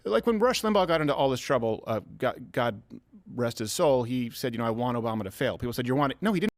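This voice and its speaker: Quick-talking male talk show host. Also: medium pitch, lively intonation, no room sound. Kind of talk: casual political talk show banter.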